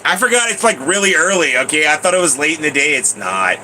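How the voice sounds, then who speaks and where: A man chatting casually on a live stream, rambling and excitable, often laughing. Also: on the high side, fast talker, a little hiss or hum, poor audio.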